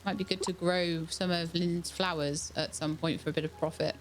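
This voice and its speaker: A woman's voice: fairly low pitch, steady tone, normal speed. A woman casually commenting as she plays a farming game, chatty and thinking aloud as she goes. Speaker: game streamer. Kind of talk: casual let's-play commentary.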